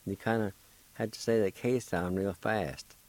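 On a low-quality recording, a radio host with a fairly low, darkish voice and fairly even intonation teaches Cherokee. He goes slowly, spelling words syllable by syllable, patient and encouraging toward the listener.

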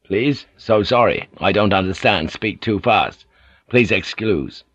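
A man doing a wary sailor in halting pidgin. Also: fairly low pitch, a bit bright, no echo. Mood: careful. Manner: halting, careful broken speech. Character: wary English sailor speaking broken pidgin, male. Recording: dull lo-fi audiobook recording.

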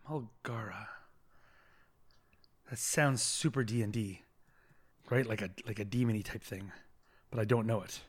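A man from Canada in casual podcast banter, jokey and quick to laugh. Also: on the low side.

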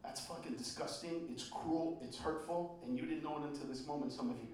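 A middle-aged man doing a stand-up routine on stage, ranting profanely and often shouting. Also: a little high, fairly quick. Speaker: stand-up comedian. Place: stage before a live audience. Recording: echoey venue, distant mic, crowd laughter. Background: audience laughter and room noise.

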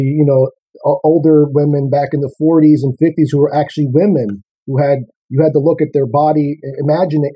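A man hosting a casual talk show, ranting and listing his points in a steady flow. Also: medium pitch, slightly rough, rough recording.

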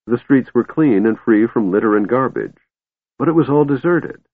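A man narrating a fantasy story in an expressive storytelling manner, on a dry, tinny phone-like recording. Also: mid-range voice, moderate pace, no room sound. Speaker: audiobook narrator. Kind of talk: scripted narration.

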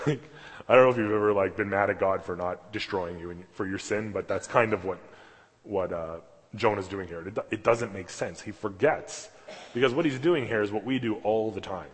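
Low husky guy preaching, chatty pastor with lots of "you know"s, big echoey church hall. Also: fairly quick. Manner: conversational, with frequent fillers and asides. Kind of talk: sermon. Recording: long hall reverb.

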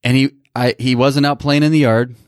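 A man's voice: mid-range voice, steady tone, normal speed, no room sound, studio quality. A man in his thirties telling a personal story on a podcast, emotional and rambling, with many restarts. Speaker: podcast co-host. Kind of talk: casual storytelling.

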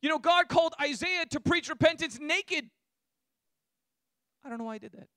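A man preaching a sermon with passion, building to shouts. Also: very high-pitched, moderate pace, no echo, studio quality. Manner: impassioned, rising to shouts.

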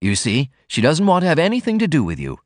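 A man's voice: fairly high pitch, huge pitch swings, fast talker, no room sound, clean studio sound, pitched above the performer's own voice. A man voicing an indignant young man who threatens and blusters. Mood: blurting. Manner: raised, blustering.

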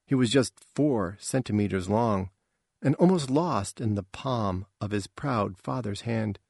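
Slow husky male storyteller. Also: on the low side, a little mellow, dry recording. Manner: slow, measured. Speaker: narrator. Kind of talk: audiobook reading.

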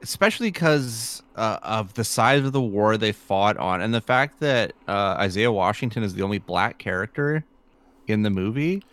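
A man co-hosting a casual movie discussion, rambling and measured, often trailing off quietly. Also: on the low side, animated.

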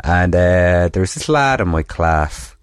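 A man's voice: deep voice, animated, a little slow, very noisy. A young Irish man hosting a podcast, telling a school story in casual chat, rambling and swearing freely. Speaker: podcast host.

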